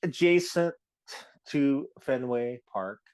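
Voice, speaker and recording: A man's voice: mid-range voice, lively intonation, slow, a little mellow, smooth. A man hosting a podcast, teasing his co-hosts in casual chat. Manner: teasing, joking. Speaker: podcast host.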